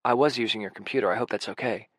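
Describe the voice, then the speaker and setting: A man reading an audiobook, voicing a deep-voiced, gentle man who speaks softly with warm, growly tenderness. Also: racing, husky, no room sound, studio quality. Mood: shy. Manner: soft, low, tender.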